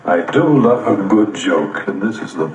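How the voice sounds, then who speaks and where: An actor playing a calm, cold older villain, speaking slowly and quietly. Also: male voice, fairly low pitch, lightly acted. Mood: mocking. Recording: echoey film audio with music behind.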